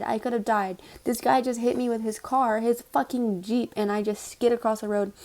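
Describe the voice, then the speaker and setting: A young woman talks straight to her phone in a casual storytime vlog, her voice sitting a little on the high side. She tells it with dry sarcasm and drops curse words freely. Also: darkish tone. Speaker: vlogger.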